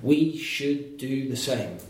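A man's voice: mid-range voice, expressive, slow, far from the mic. A man preaching a sermon to a congregation in a church hall, making emphatic numbered points and asking rhetorical questions. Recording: very echoey hall, picked up from afar.

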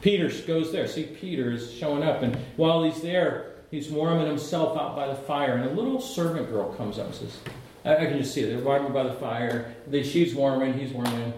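A middle-aged man preaching a sermon, telling the story in an animated way, with humor and asides to the congregation. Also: medium pitch, a little fast, a little hiss or hum. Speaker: pastor. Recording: echoey church hall.

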